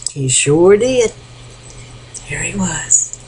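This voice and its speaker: An older woman telling a folk tale to her grandchildren, animated and often sinking into a hushed whisper. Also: on the low side, very slow, slightly rough, poor audio. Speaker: grandmother storyteller.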